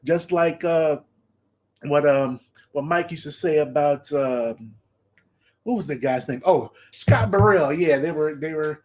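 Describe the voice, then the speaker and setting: A man with a high, lively voice hosts a solo podcast. He chats casually in an animated way, laughs often and repeats his phrases. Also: a little slow. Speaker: podcast host.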